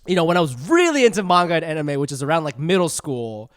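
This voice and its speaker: Animated young man rambling on a podcast. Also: fairly high pitch, fast talker, no room sound, studio quality. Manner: animated, laughs often, rambling storytelling. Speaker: podcast co-host. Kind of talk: casual podcast chat.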